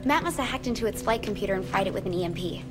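A woman's voice: medium pitch, expressive, rapid-fire, music in the background, natural voice. An actress playing a dry, sardonic young hacker woman in a video game. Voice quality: dry, sarcastic.

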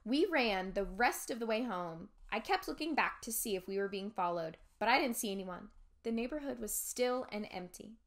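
A woman's voice: medium pitch, animated, moderate pace, fairly bright tone. A woman teacher reading a chapter book aloud to a class, stopping to explain words in simple terms.

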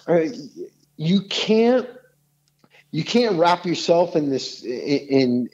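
A man, talking as a podcast guest in rambling, animated stories full of restarts. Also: fairly high pitch, dull audio. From New York City. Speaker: rock singer, podcast guest. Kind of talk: casual podcast conversation.

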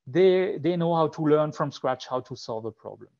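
A man with a heavy French accent walks through a live tech demo, pausing often on fillers and restarting his sentences. His voice sits fairly high, and the recording is dull and muffled. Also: expressive. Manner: hesitant, many fillers and restarts. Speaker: webinar presenter.

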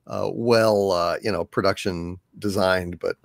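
A man chatting casually about a film, wry and hesitant, pausing often with "uh". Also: deep voice, fairly even intonation, creaky, no room sound, studio quality. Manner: wry, hesitant, with many "uh" pauses.

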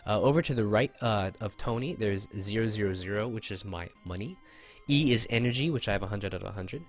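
A man's voice: fairly low pitch, fairly quick, soft background music. A man giving casual, rambling and enthusiastic commentary while playing an old video game. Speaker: let's play host.

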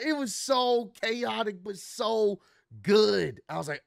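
A man with a high voice runs through the night's events in a casual vlog, slangy and excited as he retells each moment. The sound is dry and close, with no room around it. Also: slow pace, creaky, no echo. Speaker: wrestling commentary vlogger.

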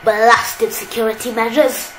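A woman's voice: on the high side, level tone, unhurried, natural voice. A woman voicing a puzzled, grumbling male theme-park security guard with a made-up accent, for a game playthrough. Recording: roomy echo, faint background hiss.

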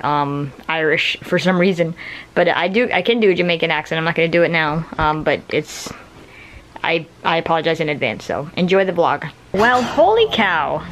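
A man's voice: a little high, fairly bright tone, a little hiss or hum, poor audio. A young man vlogging casually from a hospital room, tired after surgery, rambling with many fillers and restarts. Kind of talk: casual vlog chat.

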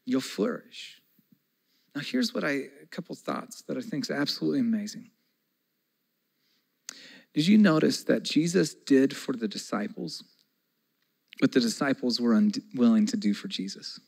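A man's voice: mid-range voice, expressive, moderate pace, creaky, pauses often, darkish tone, husky. A man in his forties preaching a sermon as pastor, earnest and conversational, with folksy asides.

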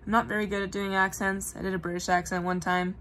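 A woman's voice: mid-range voice, little pitch movement, fast talker, fairly bright tone, slight background noise. A young adult woman, a puppeteer, telling stories in casual, earnest chat. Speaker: puppeteer guest. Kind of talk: casual chat on a live web show.

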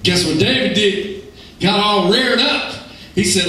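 A man's voice: high voice, a little slow, pushed and bright. A man preaching a sermon as pastor, passionately acting out biblical figures in dialogue. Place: church sanctuary. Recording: roomy, distant church recording.

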